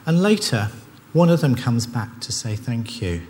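A man's voice: medium pitch, sing-song, measured pace, a little mellow, slight background noise. A man preaching a sermon in an earnest, conversational way, often restarting his sentences. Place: church. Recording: long reverb of a church hall, faint ambience.

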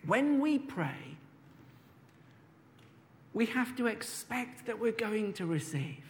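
A man preaching a sermon in a conversational way, slowing down to stress key words. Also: high-pitched, big pitch swings, big-room sound, slight background noise.

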